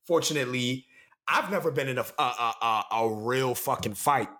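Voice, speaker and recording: A man's voice: mid-range voice, normal speed. A man in his late twenties co-hosting a podcast, chatting casually, swearing freely and acting out what others said with a laugh. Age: 20s. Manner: animated, swearing, laughs often, acts out quotes. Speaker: podcast co-host. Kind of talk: casual chat.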